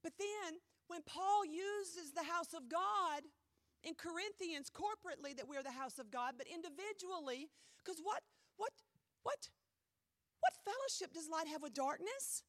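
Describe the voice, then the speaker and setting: A woman pastor preaching a sermon in a church, emphatic with dramatic pauses, her voice a little strained. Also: extremely high pitch, animated, fairly bright tone, no room sound, clean studio sound. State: voice trouble, slightly strained.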